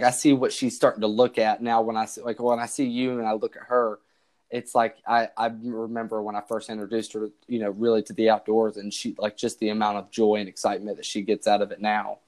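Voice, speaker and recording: A man's voice: lowish voice, a little mellow. Rambling man telling a hunting story. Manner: rambling, many restarts and quoted dialogue. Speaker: podcast host. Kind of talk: casual storytelling chat.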